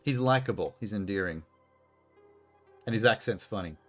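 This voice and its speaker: A man's voice: lowish voice, normal speed, soft background music. Chatty man streaming a game. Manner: chatty, profane, self-talking while playing. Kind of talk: casual let's-play commentary.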